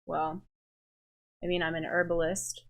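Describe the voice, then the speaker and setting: A woman voicing a curt, stiff elf herbalist who answers in a terse, flat way. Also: lowish voice, measured pace, pitched below the performer's own voice.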